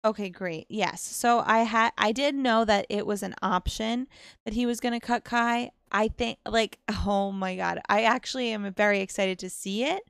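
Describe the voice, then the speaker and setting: A woman co-hosting a casual reality-TV chat, chatty and quick to laugh. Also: medium pitch, creaky, fairly bright tone, clear, resonant tone, dry recording, clean studio sound. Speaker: podcast co-host.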